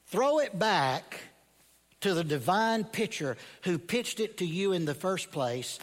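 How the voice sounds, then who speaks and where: Slow dramatic preacher man in a reverberant hall. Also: fairly high pitch. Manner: storytelling, slow and dramatic, dropping to a hush. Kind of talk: sermon.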